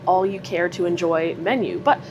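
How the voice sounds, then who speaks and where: A woman with a lowish voice speaks at normal speed, hosting a casual food vlog and cheerfully chatting through her dish reviews. The audio sounds dull, and she talks over music while crowd chatter from a cruise ship carries on behind.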